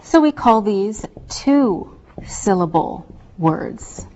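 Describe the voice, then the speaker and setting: A woman teaching a scripted English lesson, speaking slowly and carefully so learners can follow each word. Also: mid-range voice, lively intonation, dark tone, muffled recording, slight background noise. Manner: slow, clearly spelled-out teaching delivery.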